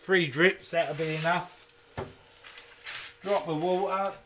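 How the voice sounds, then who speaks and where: A man with a bright, forceful, fairly high voice talks his way through a live woodturning demonstration in his home workshop. He keeps up a chatty patter full of jokey asides to the viewers. A little workshop ambience sits faintly behind him. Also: fairly even intonation, slow pace, a little hiss or hum. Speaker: woodturner and channel host.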